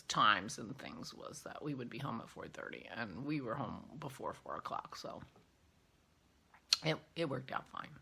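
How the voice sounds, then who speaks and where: A woman chats through her morning coffee vlog, rambling and easily sidetracked, her low voice bright and swinging widely up and down. She sounds a little yawny. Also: creaky, husky. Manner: rambling, easily distracted, chatty. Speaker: vlog host. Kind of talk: casual morning coffee chat.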